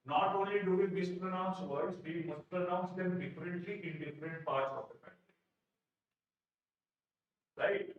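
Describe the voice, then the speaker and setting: Echoey Indian English teacher lecturing. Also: male voice, sits high, moderate pace, long pauses, lo-fi sound. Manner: emphatic, repeats key phrases, asks and answers his own questions. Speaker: vocabulary teacher. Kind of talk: live online exam-prep lecture. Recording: very echoey room, distant from mic.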